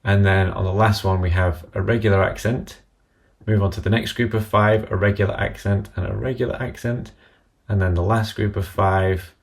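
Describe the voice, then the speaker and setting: A man with a very low, gravelly voice narrates a screen-recorded app tutorial. He explains each step calmly and in order, with a voice-over sound.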